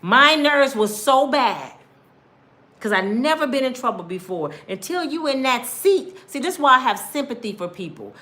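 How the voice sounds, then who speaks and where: A woman's voice: high-pitched, sing-song, normal speed, sharp tone. A woman in her fifties telling her own story in an impassioned personal monologue, emphatic and preachy, speaking straight to her listeners and acting out what others said. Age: 50s. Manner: acts out other people's words in quotes.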